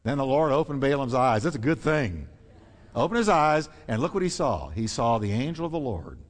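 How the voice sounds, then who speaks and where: A male pastor preaching a sermon in an animated way, swinging between loud exclamations and hushed, earnest passages. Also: medium pitch. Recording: long hall reverb.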